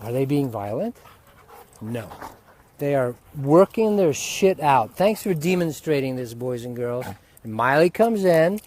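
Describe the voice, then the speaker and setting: A man's voice: mid-range voice, animated, unhurried, a little hiss or hum. Profane, ranting male spiritual teacher. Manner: profane, heated ranting with sudden loud outbursts. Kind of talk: unscripted spiritual teaching talk. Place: outdoors near dogs.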